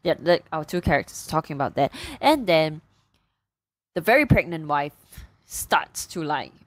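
Rambling, animated woman retelling a book. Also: sits low, moderate pace, no room sound, low-quality recording. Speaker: book reviewer. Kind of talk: casual book chat.

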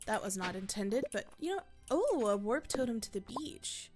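A woman's voice: a little high, sing-song, normal speed, few pauses, faint music behind. A woman giving casual gameplay commentary as a let's play creator, rambling and thinking aloud with frequent laughs. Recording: loud mouse and keyboard clicks.

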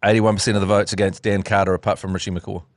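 Low-ish kiwi guy, teasing and wry, podcast banter, dry mic. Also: little pitch movement, very fast, no echo. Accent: New Zealand. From Dunedin, New Zealand. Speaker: podcast co-host. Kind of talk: casual chat.

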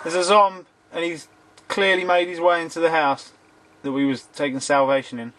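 A man giving gaming commentary, excitable and swearing jokingly at the game. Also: fairly high pitch, normal speed, a little hiss or hum, poor audio. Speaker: let's play gamer.

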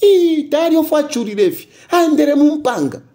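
A man with a Zambian accent delivers fiery political commentary, his voice rising and falling dramatically as he repeats his key lines. He keeps throwing out rhetorical questions in a darker, mellow tone. He slips between English and local phrases without pause. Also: extremely high pitch, expressive.

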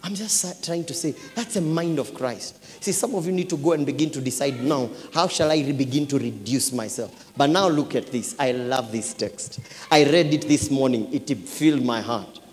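A man preaching a sermon in a church, swinging from hushed asides to loud exclamations and repeating phrases. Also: mid-range voice, normal speed. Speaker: pastor. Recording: echoey church hall.

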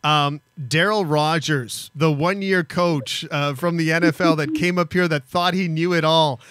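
A man hosting a sports interview, asking long, halting questions with many restarts. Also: on the high side, steady tone, a bit bright, clean tone, no room sound, studio quality. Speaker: host.

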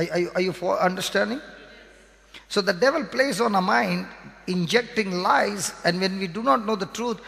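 Man preaching, Indian English accent, high gravelly voice, emphatic repetition, echoing hall. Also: a bit bright. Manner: repetitive, emphatic teaching with call-and-response questions. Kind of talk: sermon. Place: church hall. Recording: reverberant hall.

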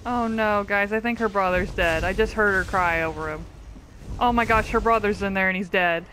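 A woman's voice: mid-range voice, moderate pace, a bit bright, a little hiss or hum. A woman giving casual, bubbly and self-mocking commentary while playing an online game. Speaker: gaming youtuber.

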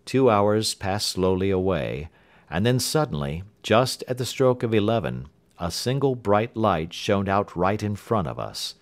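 A man narrating a classic detective story as an audiobook, steady and expressive. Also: on the low side, a little slow.

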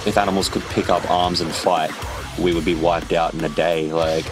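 A man as a podcast guest, talking in halting bursts with many restarts, impassioned and swearing. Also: low-pitched, level tone, music in the background, rough recording. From Australia. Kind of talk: casual podcast interview chat.

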